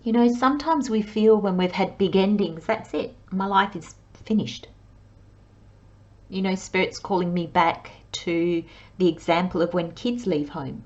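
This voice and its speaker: A woman's voice: lowish voice, moderate pace, a little mellow, dull audio. A woman giving a chatty tarot reading. She talks through her thoughts with plenty of fillers and acts out worried inner voices. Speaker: tarot reader. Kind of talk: monthly tarot reading monologue.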